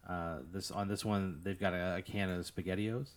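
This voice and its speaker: A man's voice: low voice, fairly even intonation, normal speed. A man narrating an improvised tabletop scenario as game master, rambling with lots of fillers and laughs.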